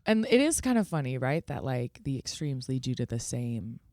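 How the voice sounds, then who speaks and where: Lively young woman joking on a podcast. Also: very deep voice, no room sound, clean studio sound. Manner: playful, joking, quick laughs. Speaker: podcast guest. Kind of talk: casual chat. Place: podcast studio. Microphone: studio mic.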